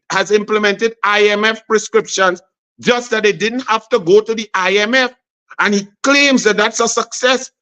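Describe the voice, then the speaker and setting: A man's voice: high-pitched, a bit bright. A man with a Trinidadian accent giving a fiery political speech, piling up emphatic lists and repeated phrases. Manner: fiery, repetitive listing, emphatic. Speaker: senator.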